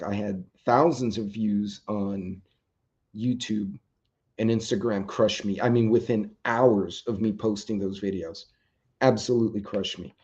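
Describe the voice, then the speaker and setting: A man's voice: on the low side, warm tone. A man hosting a casual live stream, chatting loosely with viewers and reading their comments, rambling with lots of ums. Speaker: livestream host. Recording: dull lo-fi stream audio.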